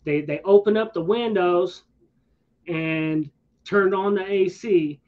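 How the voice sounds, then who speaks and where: A man's voice: high-pitched, slow. A man telling a long, rambling story in casual conversation, with slangy asides and frequent restarts. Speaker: streamer. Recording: dull lo-fi sound.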